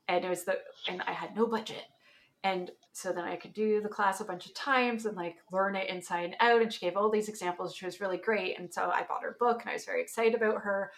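A woman from Canada, a podcast guest chatting casually and telling animated stories with lots of fillers. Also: mid-range voice, a little hiss or hum. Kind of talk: casual chat.

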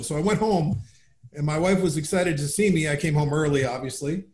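Man, slightly high voice, upbeat animated storyteller, roomy echo. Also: a little fast. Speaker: guest, business founder. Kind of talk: conversational storytelling.

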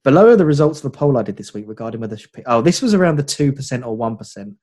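A man's voice: medium pitch, lively intonation, rapid-fire, a little mellow. A man co-hosting a casual podcast, chatty and wry. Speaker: podcast co-host. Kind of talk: casual chat over a video call.

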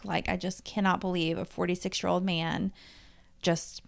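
A woman's voice: fairly low pitch, level tone, vocal fry. A woman in her forties from the Dallas-Fort Worth area, a life coach talking through her year on her own podcast in a candid, chatty way with casual swearing. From Dallas-Fort Worth, Texas. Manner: chatty, candid, swearing freely, quickening and slowing as she tells a story. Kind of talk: casual solo podcast monologue.

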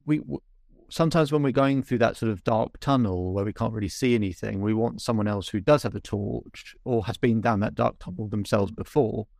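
Speaking to his client with asides to listeners, a life coach sounds reflective and halting, repeatedly starting his sentences over. His lowish voice has vocal fry and a darkish tone. It's studio-quality audio with no echo.

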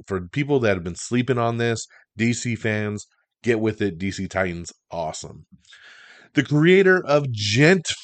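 Man, low voice, dry close sound, casual animated podcast host. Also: no room sound. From Italian heritage. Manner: animated, chatty, breaks into goofy impressions. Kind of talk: casual news rundown.

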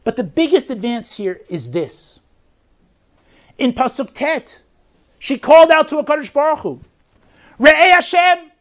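Woman teaching scripture, muffled recording. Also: on the high side. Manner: chants Hebrew verses slowly, then explains them in plain English; asks rhetorical questions to lead the listener. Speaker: Bible teacher. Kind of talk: verse-by-verse text lesson.

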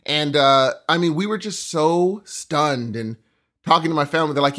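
A man's voice: a little high, normal speed, a bit bright. A man co-hosting a podcast, telling a story in casual chat and acting out other people's lines. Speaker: podcast co-host.

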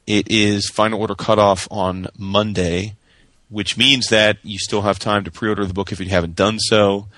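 A man co-hosting a podcast, talking in a measured, earnest way about upcoming releases. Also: lowish voice, level tone, fairly bright tone, no room sound. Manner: measured, earnest, plugs pre-orders. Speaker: podcast co-host. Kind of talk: casual chat with announcements.

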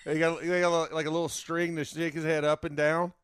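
A man in joking banter, playful and riffing with quick laughs. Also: fairly high pitch, flat delivery, a bit bright, clear, resonant tone, no room sound.

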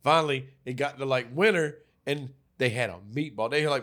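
A man co-hosting a podcast, telling stories in a loud, profane, animated way. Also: mid-range voice, quick pace. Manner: animated, profane storytelling with acted-out quotes. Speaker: podcast co-host. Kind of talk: casual chat.

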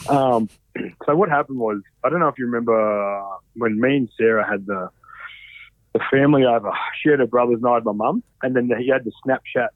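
A man telling stories in a casual, animated way, swearing freely. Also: medium pitch, brisk, no echo. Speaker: podcast guest, former reality show contestant. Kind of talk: casual storytelling. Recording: dry, phone-like narrow sound.

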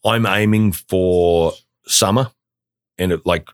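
A man's voice: sits low, takes it slowly, clean tone, dry recording, clean studio sound. A man from Australia, a guest chatting eagerly on a podcast about his business, rambling with plenty of fillers. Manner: enthusiastic, rambling with many fillers. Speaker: guest, bourbon company founder. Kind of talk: casual podcast chat.

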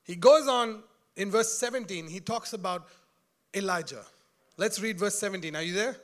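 A man preaching a sermon in an animated, joking way, often laughing and calling out to his congregation. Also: high voice, normal speed.

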